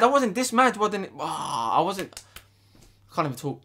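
Young lad, high bright voice, furious sweary fan-rant vlogger. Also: male voice, very animated, moderate pace, slightly rough. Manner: ranting, sweary, repetitive.

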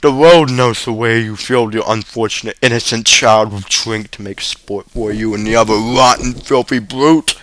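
A man reading a story and voicing a mother who accuses her husband in a shrill, bitter voice. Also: steady tone, moderate pace, hardly any pauses, a bit bright, dry recording, close to an everyday voice. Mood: bitter accusing. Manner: shrill, accusing, then tender. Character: hysterical, bitter working-class mother.

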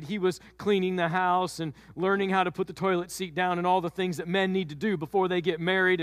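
A man's voice: high voice, fairly bright tone, dry recording, clean studio sound, long reverb tail. A male pastor preaching a sermon in a conversational storytelling way, often repeating words.

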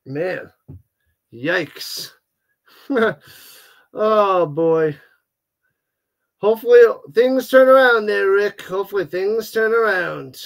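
A man with a fairly high voice hosts a live watch-party stream in a casual, chatty way. He reacts in an animated manner, with plenty of groans and exclamations, and greets viewers as they join. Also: slow, vocal fry, pauses often. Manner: animated, exclaiming, groaning at bad card pulls. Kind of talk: casual livestream chat, reading viewer comments.

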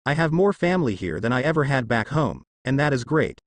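A man's voice: medium pitch, sing-song, fairly quick, no room sound. Man doing an upbeat, friendly teen boy. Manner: upbeat and reassuring. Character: cheerful, friendly teenage demigod boy.

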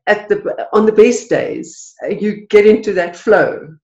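Lively woman interviewer in a roomy, dull recording. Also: mid-range voice, a little slow, creaky. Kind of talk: interview questions.

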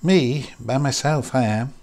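A man's voice: mid-range voice, measured pace, darkish tone, close to an everyday voice. A man playing a cocky flirt of a tram inspector. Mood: cheeky. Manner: breezy, cheeky.

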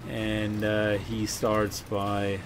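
A man gives relaxed let's play commentary, thinking aloud as he plays. His voice sits low, with a faint hiss in the background. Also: extremely slow. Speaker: gaming channel host.

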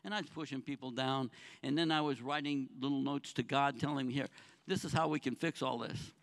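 Speaking briskly with fairly even intonation, a male pastor earnestly preaches, asking his congregation rhetorical questions. He shifts between soft, low phrases and raised, pressing ones.

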